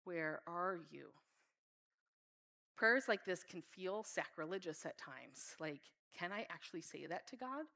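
A woman's voice: lowish voice, lively intonation, moderate pace, few pauses, pushed and bright. A woman preaching a sermon in an earnest, heartfelt way. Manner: earnest, reads scripture aloud with feeling.

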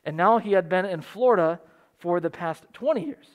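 A man's voice: high voice, lively intonation, moderate pace. A middle-aged man preaching a sermon, telling stories and acting out the voices of the people he quotes. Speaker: pastor.

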